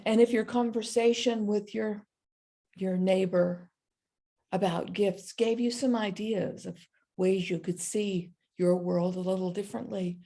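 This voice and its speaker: A woman minister giving a sermon, telling a story and then leading a slow, meditative prayer. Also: mid-range voice, steady tone, dark tone.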